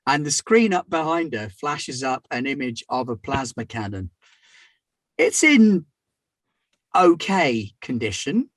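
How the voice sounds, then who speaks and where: A man's voice: medium pitch, very animated, slow pace, no echo. A man running a tabletop game as game master, narrating matter-of-factly with wry asides.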